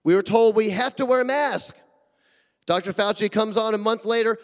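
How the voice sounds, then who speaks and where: A man preaching a sermon as pastor, emphatic and full of rhetorical questions, swinging between loud and hushed. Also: high voice, moderate pace. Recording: long hall reverb.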